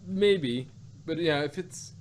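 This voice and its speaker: A man's voice: on the high side, slow pace, a little mellow, a little hiss or hum. A man hosting a casual podcast and recapping a cartoon episode, rambling along with lots of fillers and self-corrections.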